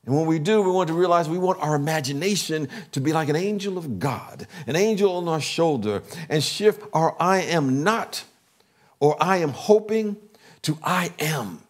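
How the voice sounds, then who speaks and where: A man's voice: a little high, animated, normal speed. A middle-aged man preaching a sermon in an earnest way, building up energy as he leads affirmations. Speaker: pastor.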